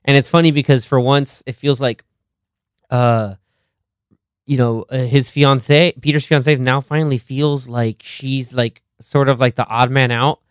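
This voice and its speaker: A man's voice: medium pitch, a little slow, clear, resonant tone, no room sound. Guy podcast cohost gushing about a comedy, laughs a lot, rambles, dry close mic. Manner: rambling, animated retelling with frequent laughter. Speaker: podcast co-host. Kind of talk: casual film-review chat.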